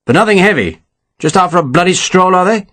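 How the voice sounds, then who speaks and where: A man's voice: sits high, lively intonation, brisk, a bit bright, no echo, studio quality, pitched above the performer's own voice. Man doing blustering, profane Welsh general. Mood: sarcastic. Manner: blustering, scornful, swearing. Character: irascible, profane older male Welsh general.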